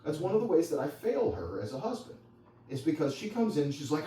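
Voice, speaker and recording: A man's voice: fairly high pitch, very animated, fast, warm tone. A man who trains dogs, teaching a small group in a conversational, rambling way with anecdotes and asides. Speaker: dog trainer. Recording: echoey room, distant mic, faint background noise.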